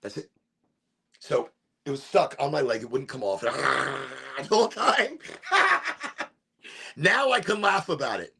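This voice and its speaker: A middle-aged man from Chicago telling a rambling story on a live stream, animated and swearing, with sudden shouts when he acts out voices. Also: medium pitch, moderate pace. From Chicago, USA. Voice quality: gravelly and husky. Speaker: streamer hosting a smoke session.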